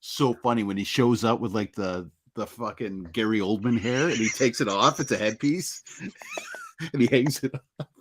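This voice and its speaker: A man's voice: on the low side, normal speed. A man co-hosting a podcast, chatting casually about a movie, laughing and swearing now and then. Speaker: podcast co-host. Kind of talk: casual movie review chat.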